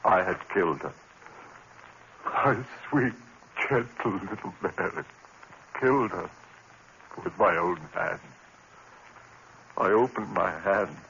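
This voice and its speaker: A man's voice: lively intonation, slow, gravelly, long pauses, exaggerated voice. An actor playing a haunted lecturer who slides into murderous madness and narrates his own story, in an old radio drama. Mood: numb. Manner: frantic and pleading in scenes, numb and low in narration. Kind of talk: 1940s radio acting. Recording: lo-fi old radio broadcast with loud hiss.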